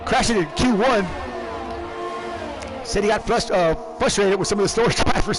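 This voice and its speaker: A man commentating a sim race live, animated and shouting in bursts, often repeating words quickly. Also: high voice, music in the background. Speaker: race commentator and league team owner.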